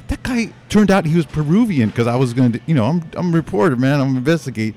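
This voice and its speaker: A man's voice: fairly high pitch, fast, few pauses, a little hiss or hum. A male radio show host telling a rambling comic story, restarting and interrupting himself as he goes. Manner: rambling, animated, self-interrupting.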